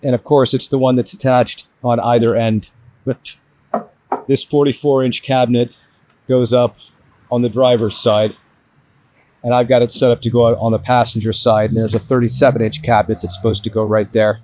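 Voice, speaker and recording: A man vlogging his van build to the camera, frustrated and hard on himself, with halting restarts. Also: mid-range voice, flat delivery, darkish tone, low-quality recording. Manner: frustrated, self-critical, talks in restarts. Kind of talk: casual DIY vlog talk to camera.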